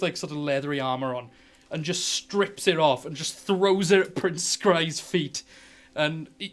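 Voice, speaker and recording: GM narrating, bright voice, upbeat, keeps laughing mid-story. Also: male voice, a little high. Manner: animated, laughing often, many fillers. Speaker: game master. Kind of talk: narrating a tabletop game.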